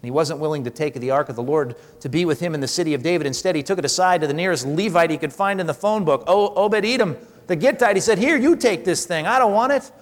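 A man's voice: on the high side, fast, hardly any pauses. A man preaching a sermon in a conversational way, asking the congregation questions and acting out what people in the passage say. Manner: conversational preaching with rhetorical questions and animated acted-out quotes. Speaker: pastor. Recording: long hall reverb.

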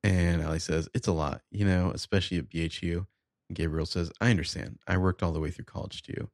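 Low gravelly guy doing a snarky show recap, dry close mic, swears a lot. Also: a little fast, no room sound. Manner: sardonic, profane, reads quoted dialogue flatly. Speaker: podcast co-host recapping a TV episode. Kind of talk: casual recap chat with crude jokes.

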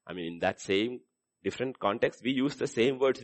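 A man preaches briskly as a pastor, alternating soft, musing asides with booming, animated moments where he voices the people he quotes.

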